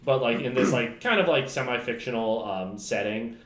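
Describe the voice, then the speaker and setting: A man's voice: mid-range voice, expressive, moderate pace, fairly bright tone. A man casually chatting about films as a podcast co-host, rambling, swearing often and laughing a lot. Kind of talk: casual film chat. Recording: roomy echo.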